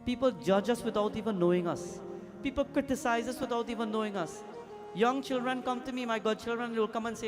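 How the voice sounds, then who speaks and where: A man's voice: extremely high pitch, brisk, over music. A man giving a sermon as a pundit, telling stories and acting out the voices in them. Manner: animated preacher, acts out quoted voices, asks the crowd questions. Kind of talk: sermon with storytelling. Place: temple hall.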